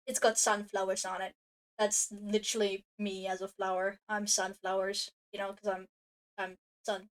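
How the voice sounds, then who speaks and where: A woman's voice: medium pitch, rough recording. A woman streaming a game playthrough, chatting in a self-deprecating, joking way. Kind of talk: game playthrough, reading dialogue aloud. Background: game music.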